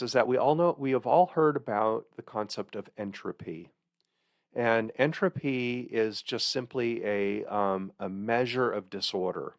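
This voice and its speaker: A man in his sixties with a gravelly, creaky voice hosts a podcast and rambles through a personal story. He hesitates and chuckles as he goes, and his voice sounds dry and close. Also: medium pitch, no room sound. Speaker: podcast host. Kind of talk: casual monologue.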